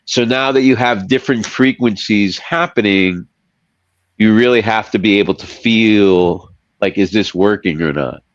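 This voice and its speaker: A man's voice: fairly low pitch, measured pace, dry recording, dull audio. A man chatting casually on a podcast, rambling and laughing as he loses his thread.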